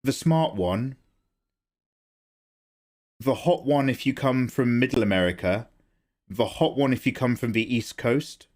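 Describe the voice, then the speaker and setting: A young man talks casually while drawing live at home, his voice sitting at an ordinary middle pitch. He drifts between tangents and rambling anecdotes, breaking into laughter often, close to a desk microphone. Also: measured pace, long pauses, darkish tone. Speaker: livestream artist.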